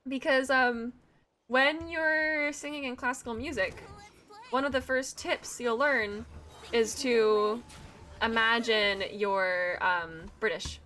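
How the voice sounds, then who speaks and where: A woman's voice: fairly high pitch, fairly even intonation, takes it slowly, pushed and bright. A young woman with an Atlantic Canadian accent and a slight Valley Girl sound, chatting casually and rambling with frequent laughs while streaming a game. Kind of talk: casual chat while gaming.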